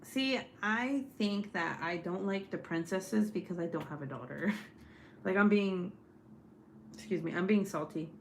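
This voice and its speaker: A woman's voice: mid-range voice, a little slow, slight background noise. A woman chatting casually with her viewers during a live stream, talking loosely, laughing a lot and swearing freely. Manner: chatty and profane, laughs often. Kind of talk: casual chat.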